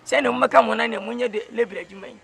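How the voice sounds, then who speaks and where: A man's voice: very high-pitched, fairly even intonation, racing, vocal fry, fairly bright tone, faint music behind, full character voice. A man acting as a talkative, boastful village father in a comedy drama, rambling and mixing English words into his speech. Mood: lecturing.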